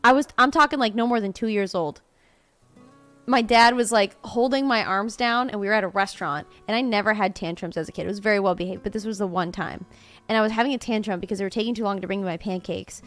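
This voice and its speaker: A woman's voice: mid-range voice, quick pace, a bit bright, soft background music. A young woman from Florida chatting casually on a live stream, playful, laughing often and swearing freely.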